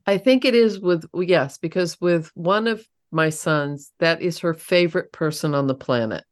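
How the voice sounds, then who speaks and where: A woman hosting an interview, asking halting, rambling questions about her dog. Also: on the low side. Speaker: interview host. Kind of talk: casual interview talk.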